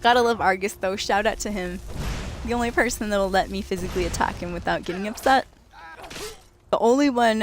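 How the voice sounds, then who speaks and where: Chatty, giggly woman game streamer. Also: mid-range voice. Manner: chatty, giggly, talks to her viewers. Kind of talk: casual live-stream chat.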